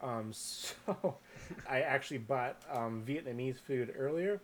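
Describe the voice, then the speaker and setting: A man's voice: mid-range voice, lively intonation, slow pace, slight background noise. A man joking around as a guest on a casual podcast, talking into an earbud headset mic and laughing often. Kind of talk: casual comedic chat.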